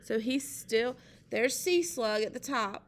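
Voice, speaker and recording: A woman reading a children's story aloud, with gentle asides explaining it to listeners. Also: fairly high pitch, expressive, slow.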